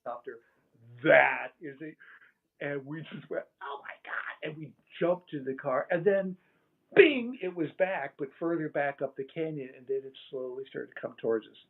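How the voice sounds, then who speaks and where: An older man with a slightly higher voice recounts his stories with lively energy, breaking into laughter and making sound effects. The audio is thin and phone-like, as though it comes through a narrow call line. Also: normal speed, vocal fry. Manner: animated, laughs and imitates sounds. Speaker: interview guest. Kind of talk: casual storytelling.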